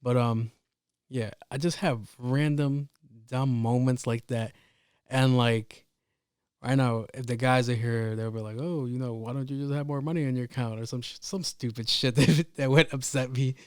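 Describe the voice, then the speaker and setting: Male podcast host, mid-pitched, cursing and rambling through a story, dry close mic. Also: normal speed, clean tone, dry recording. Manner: profane, rambling, animated retelling. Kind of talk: casual solo podcast storytelling.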